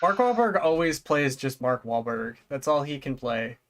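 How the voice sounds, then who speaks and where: A man's voice: mid-range voice, sing-song, normal speed, a bit bright. Man, podcast guest, casual chat, easygoing, joking. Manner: easygoing, chimes in with jokes.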